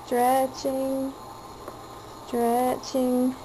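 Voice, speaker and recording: Woman cooing at her baby, soft baby talk, camera mic, slow and drawn out. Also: high voice, completely flat delivery, slight background noise, low-quality recording. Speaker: parent filming her baby. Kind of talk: home video, talking to a baby. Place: home, by a changing table.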